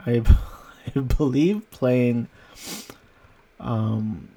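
A man's voice: medium pitch, dark tone. A man giving a casual, rambling movie review, amused and often breaking into laughter. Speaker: film reviewer.

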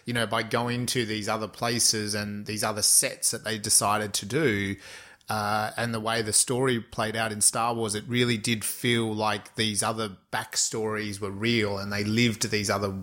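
A man's voice: on the low side, level tone, moderate pace, bright, forceful tone. A man in casual film-discussion chat, rambling with many fillers and restarts.

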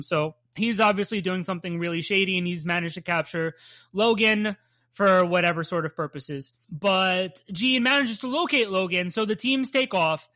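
Bright, jokey podcast co-host. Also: medium pitch, normal speed, dry recording. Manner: rambling, jokey, swears casually; laughs often and plays up bits. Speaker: podcast co-host recapping a cartoon. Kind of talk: casual podcast chat.

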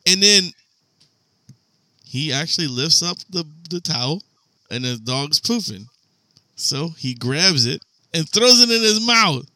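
Bright, profane man telling a story. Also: a little high, lively intonation, a little slow, long pauses, no room sound. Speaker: podcast co-host. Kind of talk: casual storytelling chat.

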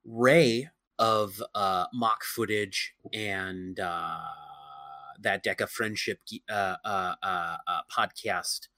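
Earnest man, halting with many fillers. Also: on the low side, steady tone, sharp tone, dry recording. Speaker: podcast co-host. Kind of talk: casual chat.

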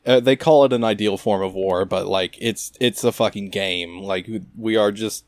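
A man's voice: fairly low pitch, moderate pace, no echo. A man co-hosting a casual podcast, recapping an anime with wry, profane remarks and frequent restarts. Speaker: podcast co-host.

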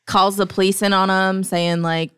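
A woman's voice: medium pitch, flat delivery, moderate pace, a bit bright, smooth, dry recording, studio quality. A woman chatting on a podcast as a guest, chatty and easily spooked. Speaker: guest, host's wife. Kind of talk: casual chat.

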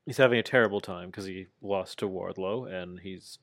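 A man co-hosting a podcast, chatting casually about wrestling and retelling scenes with animated acted-out quotes. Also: low voice, moderate pace, vocal fry, dry recording. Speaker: podcast co-host.

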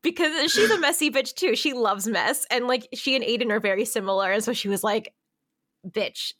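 A woman's voice: fairly high pitch, fairly quick, a bit bright. A woman co-hosting a casual podcast, reacting bluntly to a novel's drama. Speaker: podcast co-host. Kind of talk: casual book recap chat.

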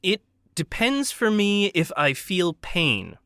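A man co-hosting a casual podcast chat, enthusiastic and quick to laugh. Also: high voice, very animated, bright, forceful tone, smooth, no echo, clean studio sound. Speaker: podcast co-host.

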